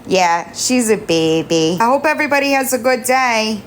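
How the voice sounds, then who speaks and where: A woman hosting a casual livestream from home on her phone, switching between high sing-song baby talk to her kittens and chatty remarks to viewers. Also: animated, normal speed, slight background noise. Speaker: livestream host.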